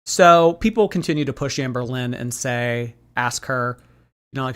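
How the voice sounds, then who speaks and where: Man, livestream host, gossipy chatter, mid-pitched voice, filler-heavy casual talk. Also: fairly even intonation, normal speed, a bit bright, clean tone. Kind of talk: casual livestream commentary, reading viewer messages.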